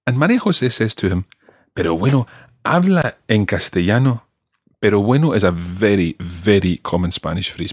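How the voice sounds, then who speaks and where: A man teaching a language lesson, walking through grammar with patient, clear explanations. His low, husky voice rises and falls in a lively way. The sound is dry and close. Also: normal speed, dry recording. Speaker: language teacher and podcast host.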